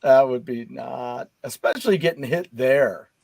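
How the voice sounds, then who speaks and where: A man's voice: medium pitch, creaky, a little mellow, breathy edge, dry recording. A man co-hosting a casual gaming chat show, joking and trading banter. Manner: jokey, quick with banter.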